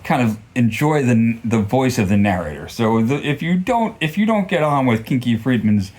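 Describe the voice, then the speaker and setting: A man's voice: medium pitch, sing-song, moderate pace, a little mellow. A man giving a casual, rambling book review, full of fillers and restarts, often joking at his own expense. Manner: rambling, self-deprecating, many fillers and restarts.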